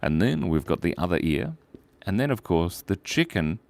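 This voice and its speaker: A man with a deep voice hosts a casual live drawing stream, chatting playfully as he sketches. His pitch leaps up and down constantly, and he keeps up a steady stream of jokes and shout-outs to viewers. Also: moderate pace, creaky, no echo. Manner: playful, jokey, reads viewer names and shout-outs aloud.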